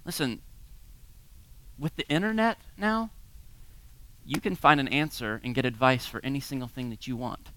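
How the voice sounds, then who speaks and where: A man's voice: medium pitch, normal speed, pauses often. A man in his thirties or forties, from the United States, giving a sermon-style talk full of personal stories, chuckling often and acting out voices. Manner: lively storyteller, chuckles often, acts out voices. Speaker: pastor teaching a series.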